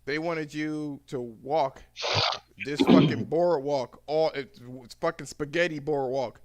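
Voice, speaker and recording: Guy hosting a podcast, kinda high voice, cussing and rambling through a story. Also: fairly even intonation, measured pace, darkish tone. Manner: loose, profane storytelling. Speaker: podcast host. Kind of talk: casual podcast banter.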